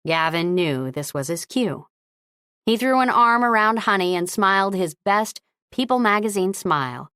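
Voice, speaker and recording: A woman narrating a romantic comedy audiobook in an even, measured way. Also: medium pitch, smooth, no room sound, clean studio sound. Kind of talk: scripted narration.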